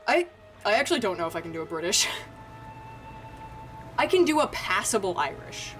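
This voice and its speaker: A woman's voice: mid-range voice, sing-song, normal speed, a bit bright, faint music behind. A woman streaming a video game, chatting casually to viewers with a self-mocking, foul-mouthed humor. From United States. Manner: chatty, self-mocking, swears freely, frequent laughs. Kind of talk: casual gameplay commentary.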